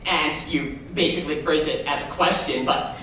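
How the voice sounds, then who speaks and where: A fussy, lonely musical-theatre fan, played by a stage actor, chatting in confiding asides with a mid-pitched voice. The sound is a distant stage recording, awash in the long echo of a big theatre. A faint hiss sits under it. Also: normal speed, sharp tone, lightly acted. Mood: chatty. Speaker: stage narrator. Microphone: far room mic.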